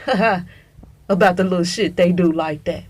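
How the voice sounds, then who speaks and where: A woman with a husky voice delivers a casual monologue straight to the camera. She presses every point hard, swears freely and keeps calling the listener "honey". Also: fairly low pitch, steady tone, fairly quick, darkish tone. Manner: emphatic, profane, calls listener "honey".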